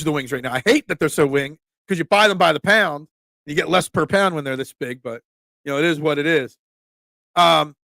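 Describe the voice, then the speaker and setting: A man's voice: a little high, fairly bright tone, no room sound. A middle-aged man with a Delco accent from the Philadelphia area, rambling bluntly through casual sports talk and replies to chat as a host. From Delaware County, Pennsylvania. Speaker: host, pizza shop owner.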